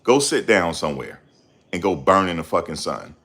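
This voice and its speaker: A middle-aged man hosting his channel, talking in a loud, confrontational, profane rant. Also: low voice, big pitch swings, normal speed, husky. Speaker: channel host. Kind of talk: ranting livestream commentary.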